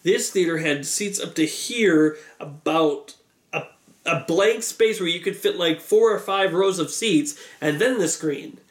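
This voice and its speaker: A man vlogger telling an animated, exasperated story, acting out a crowd yelling. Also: fairly high pitch, measured pace. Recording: echoey room.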